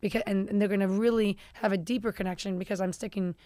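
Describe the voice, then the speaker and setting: A woman's voice: mid-range voice, steady tone, fast, dark tone, no room sound, studio quality. A middle-aged woman from Chicago, a guest chatting candidly and acting out quotes, with casual swearing. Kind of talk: candid conversational storytelling.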